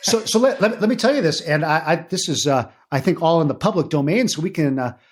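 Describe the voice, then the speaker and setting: A middle-aged man with a fairly high voice tells family stories as a podcast guest. He is animated and halting, full of fillers and restarts, and his pitch climbs when he gets excited. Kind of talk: casual interview storytelling.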